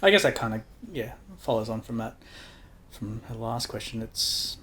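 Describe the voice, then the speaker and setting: A man's voice: mid-range voice, lively intonation, normal speed, a bit bright. A man as a podcast guest, chatting casually with dry, teasing humour. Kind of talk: casual chat.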